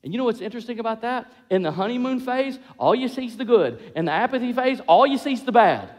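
High-voiced preaching man, big hall reverb. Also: quick pace. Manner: animated preaching, acts out voices of couples. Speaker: pastor. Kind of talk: sermon.

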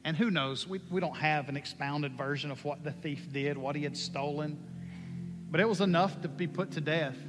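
A man preaching a sermon with passion, moving from hushed lines to loud ones. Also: a little high, normal speed, over music. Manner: impassioned, swings from hushed to loud. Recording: long hall reverb.

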